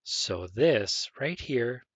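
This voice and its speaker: A man teaching a beginner English grammar lesson over a screen recording, speaking slowly and deliberately, spelling words out and stressing question intonation. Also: mid-range voice, animated, a bit bright, slightly rough, no echo.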